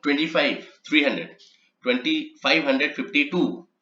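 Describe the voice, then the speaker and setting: A man's voice: on the high side, a little slow, pushed and bright. A man gives an instructional lecture on transcription rules, explaining patiently and spelling out each example. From India. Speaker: transcription trainer. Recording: echoey, slightly muffled room recording.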